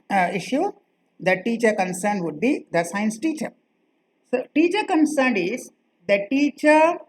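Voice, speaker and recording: A woman teaching a grammar lesson, speaking slowly and repeating key phrases for her students. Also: medium pitch, slight background noise, rough recording. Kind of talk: classroom lecture.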